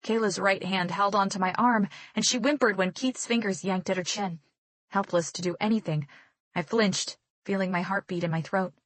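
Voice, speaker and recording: A woman's voice: medium pitch, fairly even intonation, moderate pace, no room sound. A woman reading a first-person romance audiobook in a tense, dramatic way. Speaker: audiobook narrator.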